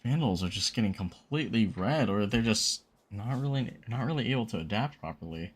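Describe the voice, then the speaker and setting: Solo esports caster over game gunfire. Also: male voice, on the low side, brisk, slight background noise. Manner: excitable, rises sharply on big plays. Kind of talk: play-by-play esports commentary. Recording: game gunfire and clicks behind the voice.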